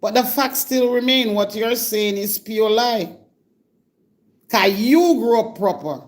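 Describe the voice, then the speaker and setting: Speaking slowly in a slightly high, expressive voice, a Jamaican live-stream host rants indignantly. She scolds the person she's angry with and addresses them head-on.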